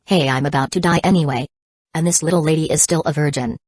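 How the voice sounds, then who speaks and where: A cruel, sneering male thug, read by a woman in a storybook audiobook. The voice sits low with a dry, close sound. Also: fast talker, a little mellow, slightly rough, no room sound.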